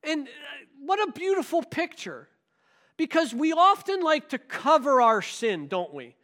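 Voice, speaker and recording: Bright high-voiced male preacher. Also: a little slow. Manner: animated storytelling, shifts between loud and hushed. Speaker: pastor. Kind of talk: sermon.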